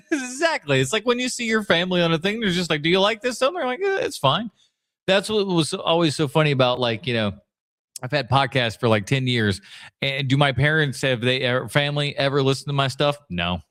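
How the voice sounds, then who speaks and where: A man hosting a podcast, chatting casually and reacting to clips with frequent pauses and fillers. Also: on the high side, expressive, fairly bright tone. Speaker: podcast host. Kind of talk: casual commentary.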